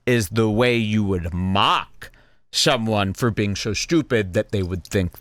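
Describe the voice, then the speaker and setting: A man hosting a podcast, giving sarcastic, animated commentary on a comedy clip. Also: lowish voice, a little slow, no room sound. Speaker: podcast host.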